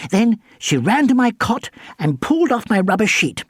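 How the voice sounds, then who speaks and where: A woman narrating a children's audiobook with expressive, lively storytelling. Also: on the high side, moderate pace, slightly rough, no room sound, clean studio sound.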